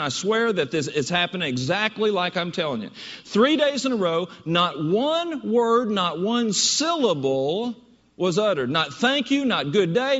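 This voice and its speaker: A man giving a presentation, telling a story in an animated, emphatic way, in a dull echoey hall recording. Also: high-pitched. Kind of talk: storytelling speech.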